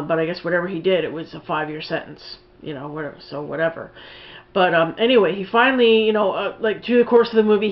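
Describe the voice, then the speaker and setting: A woman talks through a film review in a loose, rambling way, full of fillers and blunt swearing. Her voice sits at an ordinary middle pitch. The recording sounds a little dull and lo-fi. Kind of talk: casual spoken film review.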